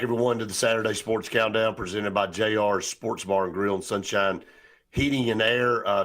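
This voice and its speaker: A man's voice: fairly low pitch, fairly bright tone. A man hosting a sports talk show, rambling with many restarts and fillers.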